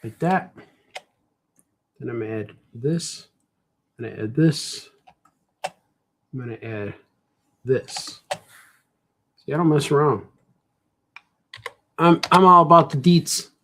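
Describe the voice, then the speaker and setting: A man's voice: on the high side, takes it slowly, pauses often, a bit bright, a little hiss or hum. A man, a cartoonist, chatting casually while he draws, rambling playfully and joking to himself. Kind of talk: casual chat while drawing.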